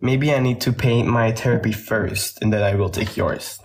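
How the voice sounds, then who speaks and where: A man's voice: mid-range voice, moderate pace. Young Flemish man chatting on a livestream. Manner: chatty, rambling, cursing, with frequent laughs. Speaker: livestreamer answering viewer questions. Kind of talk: casual livestream chat.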